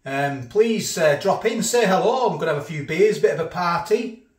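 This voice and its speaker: A man chats about food as he eats, in a voice sitting a little above the usual for a man. He circles back and repeats his points in a relaxed vlog manner, with a roomy echo around him. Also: sits high, normal speed. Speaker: food reviewer. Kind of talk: casual food review vlog.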